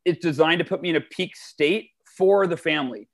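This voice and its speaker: A man's voice: on the high side, a little fast, creaky. A man in his forties, a guest in a conversation, telling personal stories with enthusiasm and often repeating words as he starts a thought. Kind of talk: conversational storytelling.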